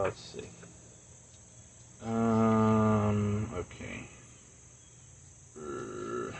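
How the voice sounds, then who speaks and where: A man's voice: deep voice, creaky, background noise. A man chatting casually on a live stream, rambling and earnest, with plenty of fillers.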